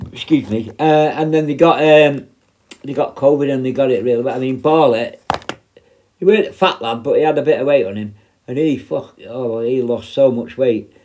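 A man's voice: medium pitch, a little mellow. A man, a former prison officer, telling rambling, heavily sweary stories in casual talk. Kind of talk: casual spoken storytelling.

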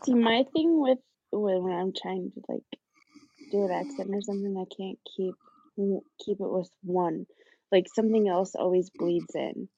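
A woman's voice: medium pitch, normal speed, gravelly, dark tone, breathy edge, no echo, lo-fi sound. A woman streamer chatting casually and giggling. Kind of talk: casual chat.

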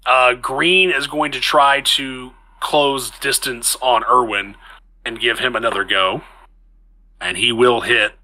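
Guy gm narrating combat, super bright sharp voice, keeps restarting his sentences. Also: medium pitch, steady tone, slow pace, low-quality recording. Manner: chatty, restarts phrases while describing the action. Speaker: game master. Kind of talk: narrating a tabletop game.

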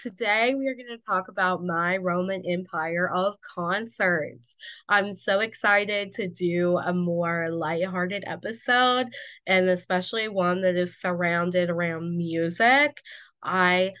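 A woman's voice: fairly low pitch, slow, fairly bright tone. A woman in her twenties from Indiana hosting a casual solo podcast, bubbly and candid, still a little congested from being sick. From Indiana, USA. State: recovering from illness, slightly congested. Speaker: podcast host.

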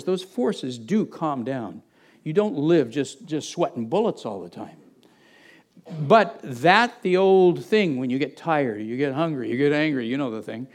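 A middle-aged male pastor preaching a conversational sermon, with frequent restarts and asides to the congregation. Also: fairly high pitch.

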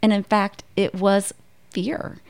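A woman with a smooth, resonant voice and a gravelly edge speaks as a guest in a faith conversation. She tells her own story candidly and openly. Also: medium pitch, flat delivery, slow. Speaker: guest author.

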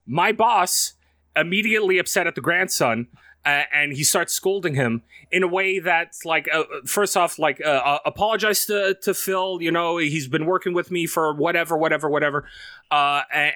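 A man casually telling a profane, animated story about his day, swearing constantly and laughing as he goes. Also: fairly high pitch, moderate pace, no echo.

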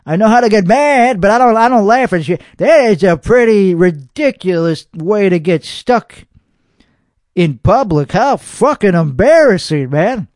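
High-voiced sarcastic man grumbling solo. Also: lively intonation, a little slow, darkish tone, no room sound, clean studio sound. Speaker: podcast host reacting to online videos. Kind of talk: casual solo reaction commentary.

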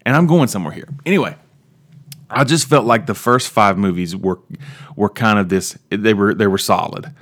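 A young man with a lowish voice hosts his own podcast, talking alone in a loose, meandering way. He restarts sentences often and warms up into animated, opinionated bursts. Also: normal speed. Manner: rambling, self-interrupting, animated about movies. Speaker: podcast host. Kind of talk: casual solo monologue.

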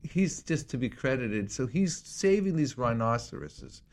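A man co-hosting a casual talk show, rambling and excitable, with many restarts and repeated words. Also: mid-range voice, a little slow. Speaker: co-host.

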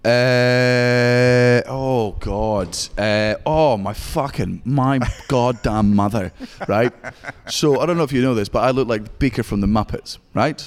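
A Scottish man in his thirties, a stand-up comedian in interview who talks in a profane, rapid storytelling way. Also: mid-range voice, a little mellow, long reverb tail. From Scotland. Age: 30s. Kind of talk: candid interview chat.

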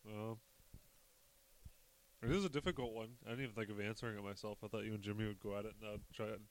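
A man in casual chat, joking with dark humor and chuckling. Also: on the low side, fast talker, rough recording.

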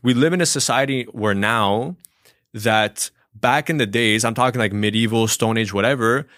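A man's voice: mid-range voice, moderate pace, fairly bright tone, dry recording, studio quality. A man co-hosting a podcast, talking in an emphatic, opinionated way and often restarting his sentences. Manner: opinionated, emphatic, repeats words when starting. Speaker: podcast co-host. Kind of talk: casual podcast discussion.

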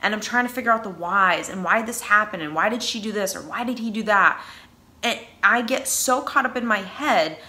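A woman's voice: medium pitch, moderate pace, sharp tone. A woman with a New England accent giving casual, earnest advice in a conversational way, with frequent fillers. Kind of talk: casual advice talk on anxiety.

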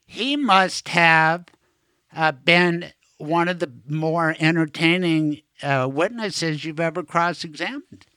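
A man from Colorado hosting an interview, talking in a quick, chatty way and cutting in to add his own points. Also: on the high side, sharp tone, clear, resonant tone, no echo. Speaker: podcast host, lawyer. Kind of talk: conversational interview.

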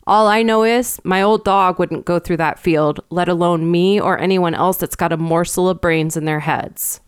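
A woman's voice: fairly low pitch, steady tone, moderate pace, clear, resonant tone, dry recording, clean studio sound, close to an everyday voice. Woman doing grave old country shepherd. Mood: knowing. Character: gruff old rustic male shepherd, grave and superstitious. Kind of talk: storybook reading.

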